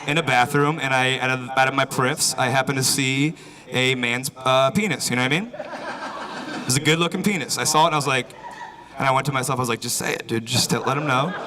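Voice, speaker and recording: A man performs a stand-up comedy set in front of a live audience, rambling loosely with many filler phrases. His medium-pitched voice moves fast, the recording is rough, and the crowd's laughter can be heard in the background.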